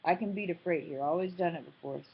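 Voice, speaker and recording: A woman reads the part of a blunt young man who swears freely and talks rough. The voice sits fairly low and sounds a bit dull and lo-fi, like an old home recording of a storybook. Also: fast. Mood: reckless. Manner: blunt, cursing. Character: young Black man Earl, driver, rough-talking.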